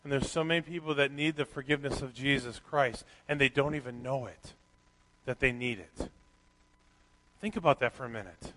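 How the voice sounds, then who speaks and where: A man preaching a sermon, reading scripture aloud and swinging from quiet reflection to loud, animated emphasis. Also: mid-range voice, normal speed. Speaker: pastor. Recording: long hall reverb.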